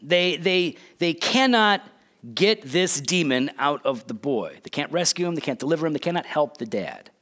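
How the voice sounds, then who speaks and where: Middle-aged guy preaching, voice kinda high, jumps around a lot, keeps restarting. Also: normal speed. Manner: animated preaching with repeated restarts and asides. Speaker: pastor. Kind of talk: sermon.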